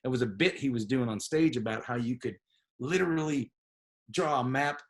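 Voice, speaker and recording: A man's voice: mid-range voice, moderate pace. A man, a guest comedian telling stories in a casual podcast chat, swearing freely. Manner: animated storyteller, swears freely, puts on voices.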